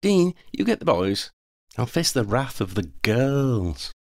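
A man voicing a calm, earnest teenage wizard boy in an audiobook, his voice lifted well above his own. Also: mid-range voice, slow pace, vocal fry, dry recording, studio quality, pitched above the performer's own voice, full character voice.

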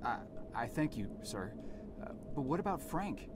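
A man's voice: medium pitch, big pitch swings, normal speed, background noise, lightly acted. An actor voicing a timid, stammering male janitor in a video game. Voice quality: hesitant, stammering. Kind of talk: game voice acting.

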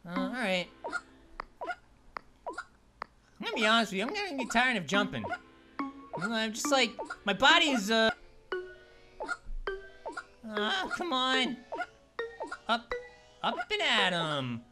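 A performer voicing an upbeat, goofy male cartoon grape who hosts a let's play with excitable, punning commentary and yelps. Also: medium pitch, slow pace, pauses often. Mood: goofy excited. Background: background game music.

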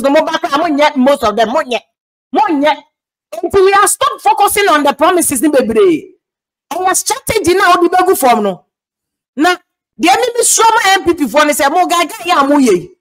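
A woman's voice: very high-pitched, expressive, fairly quick, rough recording. A woman with a Ghanaian accent, a Twi speaker, giving heated political commentary that moves between English and Twi and repeats words for stress.

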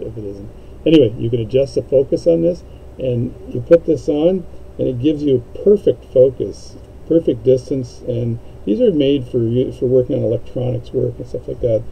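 A man's voice: mid-range voice, vocal fry, muffled recording, slight background noise. A man showing his watchmaking tools in a home workshop, chatting in a rambling, jokey way with many fillers. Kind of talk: casual show-and-tell.

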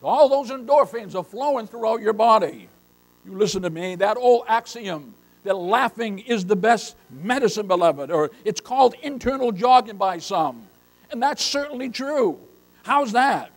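Older male pastor with a high-pitched voice, delivering an emphatic sermon with loud bursts. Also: lively intonation, normal speed. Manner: emphatic preaching, calls listeners beloved.

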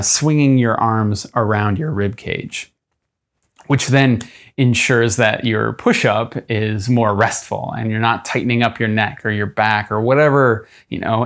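A young adult man, a strength coach, explaining a training idea in a loose, conversational way, with fillers and self-corrections. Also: mid-range voice. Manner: demonstrates push-ups while talking. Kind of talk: casual instructional talk to camera.

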